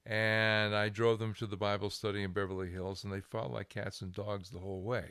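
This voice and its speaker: An older man, a guest minister, telling a lively anecdote in an interview, chuckling and restarting his phrases. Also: lowish voice, brisk, smooth, dry recording. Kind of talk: storytelling interview.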